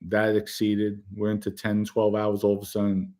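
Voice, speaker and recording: A man's voice: lowish voice, moderate pace, few pauses. A middle-aged man casually telling a story from his own past and acting out the other people in it. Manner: animated, acts out other people's voices. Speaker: former mob associate telling his story.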